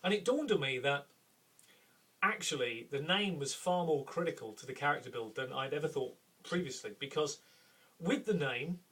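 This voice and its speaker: Husky middle-aged host from the UK, chatty game master tips, mic a bit distant. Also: male voice, fairly high pitch, lively intonation, normal speed, a bit bright. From United Kingdom. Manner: chatty, self-deprecating, thinking aloud.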